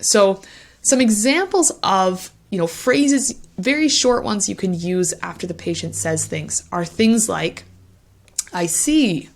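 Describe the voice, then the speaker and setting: A woman's voice: mid-range voice, measured pace. A young woman teaching test-speaking skills in an online lesson, demonstrating short listening phrases with varied intonation.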